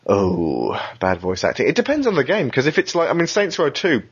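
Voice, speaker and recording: A man's voice: medium pitch, wildly swooping pitch, a little fast, husky, dry recording, highs cut off. A man hosting a gaming podcast, joking and laughing often as he steers the chat. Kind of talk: casual chat.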